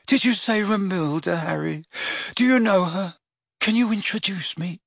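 A man narrating a story and voicing a frantic, lovestruck teenage boy wizard in a high, strained voice. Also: normal speed, vocal fry, fairly bright tone, no room sound, clean studio sound, heavily acted.

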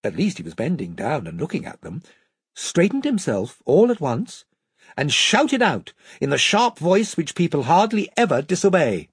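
An audiobook narrator reading a children's fantasy story aloud, expressive and shifting pitch for each character. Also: moderate pace, breathy edge, no echo, clean studio sound.

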